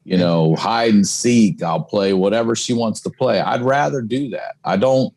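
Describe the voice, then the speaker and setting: A man's voice: on the low side, normal speed, vocal fry, darkish tone. A man guesting on a podcast, talking candidly in casual chat and swearing freely. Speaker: comedian and single dad.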